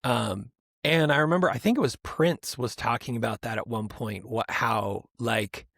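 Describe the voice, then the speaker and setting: A man co-hosting a podcast in casual chat, rambling and animated, often mimicking other people's voices for laughs. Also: medium pitch, moderate pace, gravelly, dry recording, clean studio sound. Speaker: podcast co-host.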